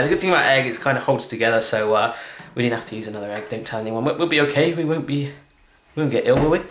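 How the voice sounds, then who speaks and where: A man's voice: fairly high pitch, a bit bright, roomy sound. A man hosting a casual cooking demonstration in his home kitchen, chatty and teasing as he cooks alongside a child. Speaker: cooking show host.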